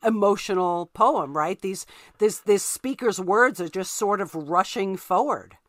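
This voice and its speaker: A woman's voice: medium pitch, animated, measured pace, no echo. Emphatic woman, dry close sound. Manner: emphatic, keeps checking in with "right?". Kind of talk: casual literary discussion.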